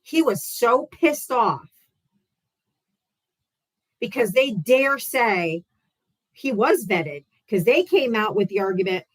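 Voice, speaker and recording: A woman's voice: on the high side, lively intonation, takes it slowly, long pauses. A woman hosting a live political debate stream, ranting in a casual, profane, sarcastic and heated way. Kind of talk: casual livestream rant.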